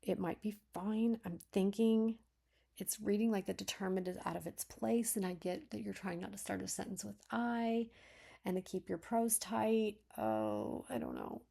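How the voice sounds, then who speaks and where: A woman reading a manuscript aloud and critiquing it, thinking aloud with frequent self-corrections and sometimes dropping to a soft whisper. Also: mid-range voice, normal speed, gravelly. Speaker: beta reader.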